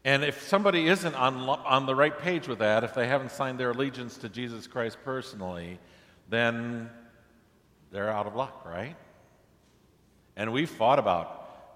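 Man, pastor, sermon, conversational preaching, mid-pitched voice, long hall reverb. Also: fairly bright tone. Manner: conversational preaching with rising emphatic questions.

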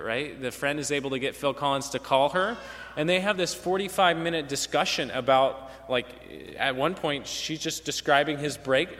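A man preaching a conversational sermon, telling stories in a relaxed way and often checking in with "right?". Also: mid-range voice. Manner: storytelling, relaxed, frequent "right?" tag questions. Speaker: pastor. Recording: long hall reverb.

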